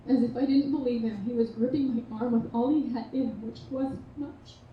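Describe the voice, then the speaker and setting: A woman's voice: a little high, steady tone, moderate pace, dull audio. A woman giving a heartfelt eulogy and toast for her late partner at a memorial gathering. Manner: heartfelt, tender storytelling. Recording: echoey room, distant mic, background noise.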